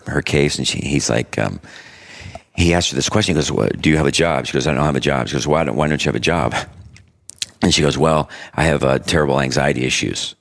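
A man with a very deep voice spins a long story for his podcast co-hosts. He rambles, restarts his sentences and keeps the talk loose and chatty. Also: gravelly. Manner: rambling anecdotes with frequent restarts and laughing asides. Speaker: podcast co-host. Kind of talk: casual storytelling chat.

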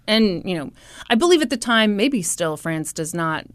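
A woman's voice: medium pitch, normal speed, no echo, studio quality. Sarcastic, profane woman telling a true-crime story. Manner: profane, sarcastic, animated retelling. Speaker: podcast host.

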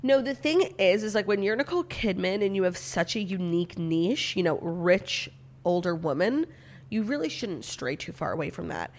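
A woman's voice: mid-range voice, very animated, normal speed. A young woman co-hosting a podcast in casual chat, wry and given to dramatic declarations. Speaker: podcast co-host.

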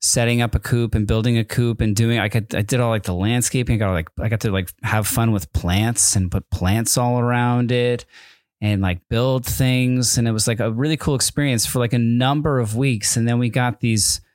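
A man's voice: medium pitch, fairly even intonation, moderate pace, a little mellow, no room sound. Guy rambling on a podcast, lots of ums and restarts, wry little asides, dead dry close sound. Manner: rambling, hesitant, many fillers and restarts. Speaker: podcast co-host. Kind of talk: casual chat.

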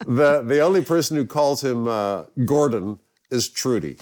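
An older man from England, a guest telling anecdotes in a lively way and acting out the people he quotes. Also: mid-range voice, normal speed. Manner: lively, acts out quoted voices. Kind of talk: anecdotal storytelling.

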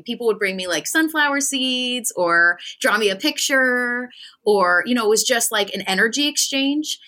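Bright-voiced chatty woman medium. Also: a little high, normal speed. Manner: chatty, animated, acts out voices in her stories. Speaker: spiritual medium guest. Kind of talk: casual podcast storytelling.

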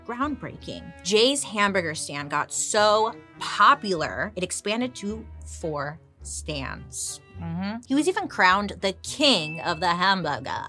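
A young adult woman hosting a storytelling podcast, chatty and playful, with jokey asides and sudden jumps up in pitch. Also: sing-song, takes it slowly, hardly any pauses, bright, forceful tone, soft background music. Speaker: podcast host.

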